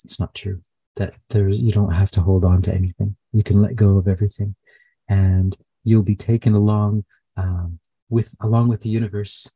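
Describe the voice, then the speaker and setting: A man channeler in a live session, speaking haltingly with many fillers and restarts. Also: lowish voice, warm tone, slightly rough, dry recording.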